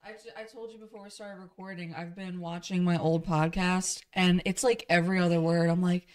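A woman's voice: on the low side, fairly even intonation, no echo. A woman hosting a podcast, chatting casually and often chiming in with short affirmations. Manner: quick affirming interjections. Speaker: podcast host. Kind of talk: casual interview chat.

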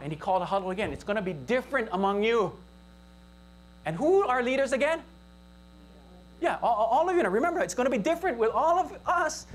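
A chatty pastor with a Hawaii local English accent preaches a sermon at a live-streamed church service. His mid-range voice comes through with slight background noise, and he keeps it conversational, asking the congregation for responses.

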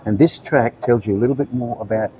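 A man's voice: mid-range voice, fast talker, dark tone, rough recording. An Australian man in his seventies preaching to young people on a street, earnest and chatty, checking in often with "right?" and "okay?". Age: 70s. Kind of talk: street evangelism to passers-by. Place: outdoors on a street.

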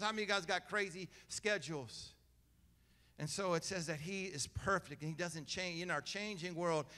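A man's voice: a little high, pushed and bright. A man preaching a sermon, speaking emphatically and driving points home by repeating short phrases. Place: church hall. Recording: echoey church hall, faint music.

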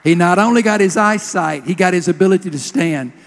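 High-voiced preacher in a reverberant hall. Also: male voice, brisk, some chatter behind. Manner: storytelling, emotional. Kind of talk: sermon.

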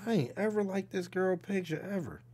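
A young man streaming, telling animated stories to his chat, loud one moment and hushed the next, with plenty of swearing. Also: high voice, brisk. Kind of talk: casual chat reading a stream chat.

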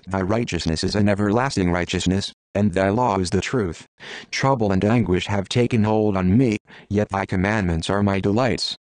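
A man reading scripture aloud in a steady, measured, solemn recitation. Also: sits low, no room sound. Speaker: scripture reader.

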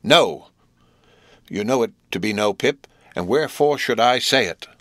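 A man voicing a good-natured rustic blacksmith who speaks in a halting, would-be formal country way, in an audiobook reading. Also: medium pitch, animated, fairly bright tone, no echo, natural voice. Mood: earnest.

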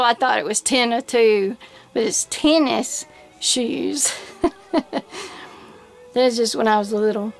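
A woman with a Southern US accent chatting casually through an accent tag video, giggling often. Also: on the high side. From Southern United States. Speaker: vlogger.

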